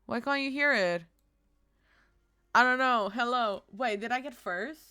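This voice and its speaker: With a fairly high, bright and forceful voice, clean in tone and a little slow, a young woman streamer chats casually with her viewers. She's giggly and bubbly, squealing greetings and cursing in fun, in studio-quality audio with no echo.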